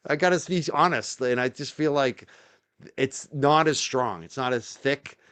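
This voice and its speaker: Middle-aged male host, North Shore Boston accent, smooth resonant voice, rambling casual chat. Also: mid-range voice, measured pace, fairly bright tone. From North Shore, Massachusetts. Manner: rambling, chatty, many restarts. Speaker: host of a live news chat. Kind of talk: casual live-stream chat.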